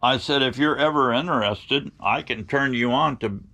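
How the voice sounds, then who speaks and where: A man's voice: medium pitch, normal speed, pushed and bright. A middle-aged man telling rambling, folksy stories to his viewers, blunt and opinionated. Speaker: outdoor vlogger.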